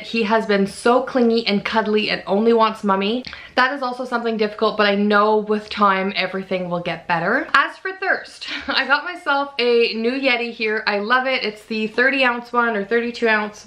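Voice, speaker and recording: A woman in her thirties chatting casually in a vlog, emotional and quick to laugh, sounding tired. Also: fairly high pitch, pushed and bright. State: fatigued. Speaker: vlogger.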